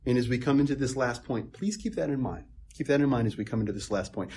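Guy preaching a sermon, kinda husky voice, punches words then drops soft, repeats himself a lot. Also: mid-range voice, fast talker, few pauses. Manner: emphatic, repeats words, shifts between loud stress and soft asides.

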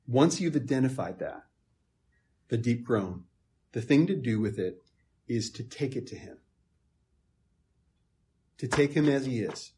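A man preaching a sermon, emphatic, with repeated words, moving between strong stress and quiet asides. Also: medium pitch, husky.

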